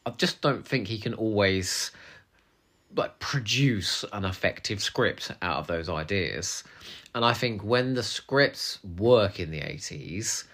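A young man co-hosting a podcast, answering listener questions in a cheeky, playful way, often dropping into asides and whispers. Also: low voice. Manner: animated, cheeky and playful, drops into whispers and laughs. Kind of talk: casual podcast chat.

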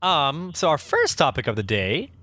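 A man's voice: on the high side, wildly swooping pitch, moderate pace, bright, forceful tone, dry recording. A man co-hosting a podcast in casual chat, laid-back with a dry sense of humor. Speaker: podcast co-host.

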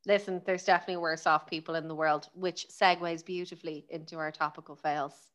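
A woman's voice: low voice, fairly even intonation, brisk, fairly bright tone. A young Irish woman co-hosting a podcast, bantering wryly with teasing jokes and swearing. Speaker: podcast co-host. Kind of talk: casual chat.

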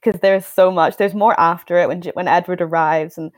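A woman's voice: lowish voice, steady tone, fairly quick, dry recording. A young woman hosting a podcast, reading a novel aloud and then commenting with exasperated, wry remarks. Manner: wry, exasperated, stumbles and restarts while reading. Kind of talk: book reading and casual commentary.

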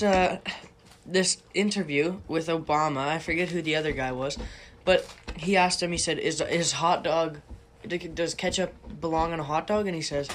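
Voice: mid-range voice, a bit bright, slight background noise. A young podcast co-host chatting casually, rambling and swearing a lot. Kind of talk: casual chat.

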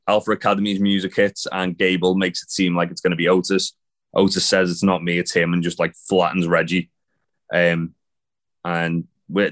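Deep-voiced male co-host, loose rambling recap delivery with frequent swearing. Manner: rambling, swears casually, many fillers. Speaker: podcast co-host. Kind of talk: casual wrestling recap chat.

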